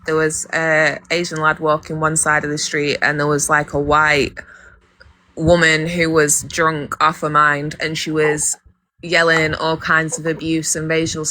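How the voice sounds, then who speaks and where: A woman's voice: low-pitched, pushed and bright, no echo. A woman hosting a livestream chat, talking bluntly and swearing freely. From England. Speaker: livestream host.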